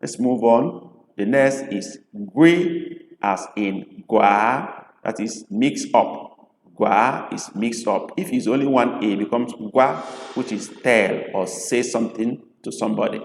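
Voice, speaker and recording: Slow Nigerian man teaching, echoey room. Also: lowish voice, a little hiss or hum. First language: Igbo. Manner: slow and deliberate, repeating each word. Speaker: language tutor. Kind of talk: teaching pronunciation. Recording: echoey room with long reverb.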